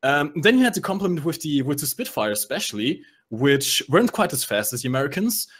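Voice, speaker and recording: A man's voice: medium pitch, breathy edge. A man talking through game tactics on a podcast. He explains matchups analytically and drops the odd jokey aside. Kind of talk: casual gaming podcast chat.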